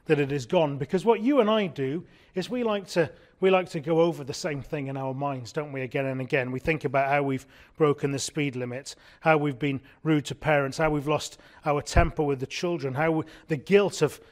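Earnest man preaching an evening sermon. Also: on the high side. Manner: earnest, emphatic, repeats key words.

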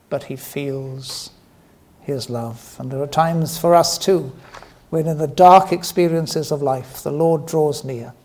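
A man preaching a sermon in a gentle, earnest way. His voice is mellow and gravelly, and it sits a little high. He slows down and softens when he wants to stress a point. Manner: gentle, earnest storytelling with soft, slowed emphasis.

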